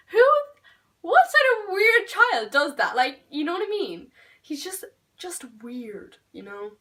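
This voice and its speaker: A teenage girl with an Irish accent telling a storytime vlog, animated and swearing, full of "like" fillers. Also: medium pitch, distant mic, rough recording. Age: teens. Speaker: beauty vlogger.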